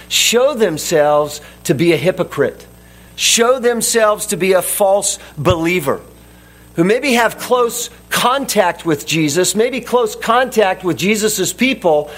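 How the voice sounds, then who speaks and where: A man's voice: high voice, a bit bright. A man preaching a sermon in an earnest, emphatic way, repeating his key phrases for weight.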